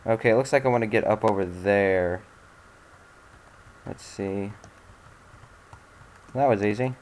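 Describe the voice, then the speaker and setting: A man's voice: lowish voice, measured pace, a little mellow, a little hiss or hum. A man hosting a let's-play, giving casual gameplay commentary while exasperated, muttering and swearing at the game.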